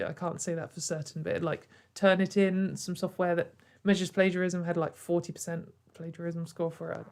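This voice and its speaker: A woman giving sarcastic, exasperated commentary and laughing often. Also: fairly low pitch. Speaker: online commentator. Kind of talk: ranting commentary video.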